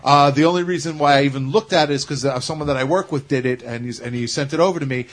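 A man's voice: medium pitch, fast talker. A man from Staten Island, ranting sarcastically in a casual podcast chat. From Staten Island, New York. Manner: ranting, sarcastic, swears freely.

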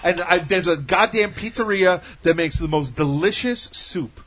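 A man bantering on a podcast, loud and mocking. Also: high voice, normal speed, faint music behind. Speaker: podcast co-host. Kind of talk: casual banter.

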